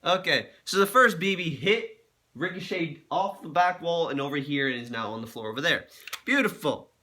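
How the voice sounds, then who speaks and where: Guy vlogging, swears a lot, joking around, bright voice that bounces up and down. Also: on the high side, expressive, moderate pace. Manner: crude, profane, joking. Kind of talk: casual vlog commentary.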